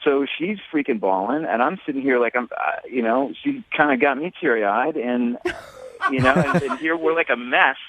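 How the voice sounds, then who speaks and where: A man calling in to a radio show, talking haltingly with many restarts and fillers. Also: medium pitch, expressive, fairly bright tone, no echo. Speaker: caller. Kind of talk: phone call on a radio show. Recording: tinny phone line.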